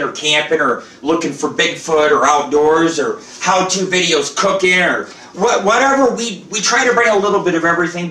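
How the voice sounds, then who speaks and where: Foul-mouthed, boastful male host; high, bright voice, recorded off-mic in an echoey kitchen. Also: far from the mic. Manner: profane, boastful, rambling. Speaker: show host. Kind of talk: rambling live cooking show chat. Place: home kitchen. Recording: roomy echo, off-mic.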